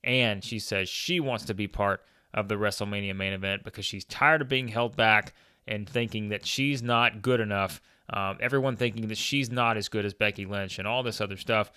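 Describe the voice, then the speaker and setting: A man's voice: on the low side, bright, forceful tone, clean tone, dry recording, studio quality. Chatty man narrating a wrestling game. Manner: chatty, with frequent fillers and chuckles. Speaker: gaming video host. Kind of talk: casual narration of a wrestling sim playthrough.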